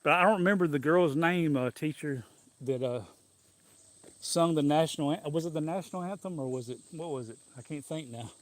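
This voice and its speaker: In a dry recording, a man with a fairly high, fairly quick voice talks to live-stream viewers while walking outside in the sunshine. His chat is casual and rambling, loose and jokey, punctuated by chuckles.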